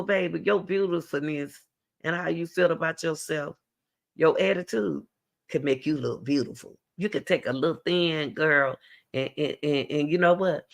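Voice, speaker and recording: A woman's voice: low voice, gravelly, fairly bright tone. A middle-aged woman hosting a talk show, giving blunt, emphatic advice and repeating her key words. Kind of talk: direct advice talk to a caller.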